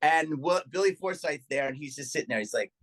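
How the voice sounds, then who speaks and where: A middle-aged man, a comedian and podcast guest, telling profane, animated stories in casual chat and acting out what people said. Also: fairly high pitch, a little fast. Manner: profane, animated anecdote telling with acted-out quotes.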